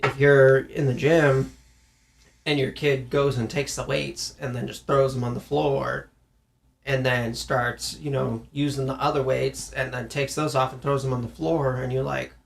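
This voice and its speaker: Gravelly animated Southern man. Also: medium pitch, a little slow. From American South. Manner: animated, acts out stern parent voices. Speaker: podcast co-host. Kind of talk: casual chat.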